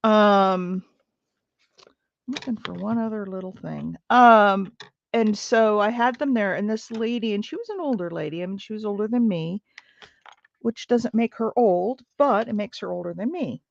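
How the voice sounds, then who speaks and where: A woman's voice: medium pitch, moderate pace, vocal fry, highs cut off. A middle-aged woman telling a story while she crafts on a livestream, chatty and rambling with lots of fillers and asides.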